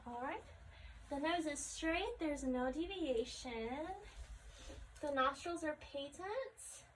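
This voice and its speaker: A woman conducting a step-by-step health assessment, calmly asking questions and repeating the answers back. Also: high-pitched, takes it slowly. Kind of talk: clinical health assessment demonstration. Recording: distant mic with faint background noise.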